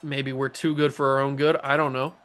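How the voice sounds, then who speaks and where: A man commenting on his own football video game, excitable and joking, calling plays and grumbling at the coaching. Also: medium pitch, a little fast. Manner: excitable, playful trash talk about his own plays. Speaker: gaming YouTuber. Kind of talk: gameplay commentary.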